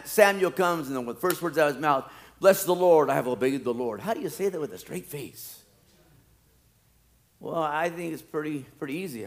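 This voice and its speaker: A male pastor preaching a sermon, animated, swinging from loud pleading to quiet, low asides.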